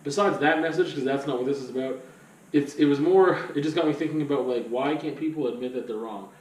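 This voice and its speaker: A man's voice: mid-range voice, fast, darkish tone, reverberant, far from the mic, low-quality recording. A man vlogging in a rambling, casual monologue full of fillers and loose asides.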